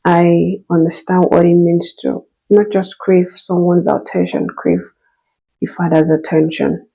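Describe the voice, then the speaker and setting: Rich: A woman speaking in a heartfelt, earnest reflection, growing emotional and repeating phrases for emphasis. Her voice carries a gravelly edge and stays fairly level in pitch, and the recording sounds a little dull and lo-fi. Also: little pitch movement, a little slow. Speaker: host reading and responding to a listener's story.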